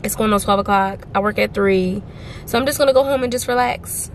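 A woman's voice: medium pitch, fairly quick, slight background noise. A young woman in her twenties talking casually to her camera in a home vlog, upbeat and chatty, laughing often and using lots of fillers. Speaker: vlogger.

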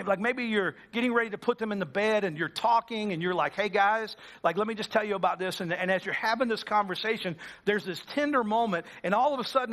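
A man's voice: high voice, a bit bright. A man preaching as pastor, conversational and acting out the quoted lines. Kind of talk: sermon.

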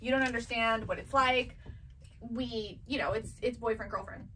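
A woman's voice: on the high side, fairly even intonation, moderate pace, bright, forceful tone, recorded from a distance, poor audio. A woman in her thirties chatting casually as a seller and mother, telling family stories and acting out her children's voices. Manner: chatty storytelling, acts out her kids' voices. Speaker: vintage box seller and mother. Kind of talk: casual chat.

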